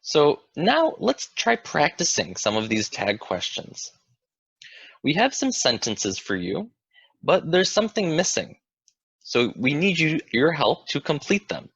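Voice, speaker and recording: A man's voice: fairly high pitch, wildly swooping pitch, unhurried, creaky, a bit bright, husky, dry recording, muffled recording. A man teaching an English grammar lesson, explaining patiently and asking the viewer questions.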